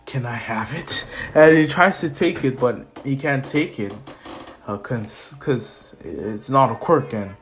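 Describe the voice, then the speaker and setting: A young man casually retelling a fan story, rambling and halting with fillers. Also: medium pitch. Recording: soft lofi music under.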